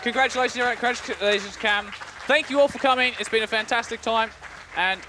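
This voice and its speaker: A man's voice: very high-pitched, fast, a crowd in the background, noisy background. A man thanking everyone and signing off the event from a distance. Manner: thankful sign-off.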